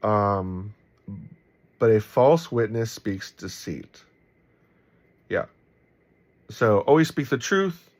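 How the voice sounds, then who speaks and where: A man giving casual Bible commentary in a relaxed, rambling way, full of ums and likes, with a warm, encouraging tone. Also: lowish voice, slow pace, long pauses.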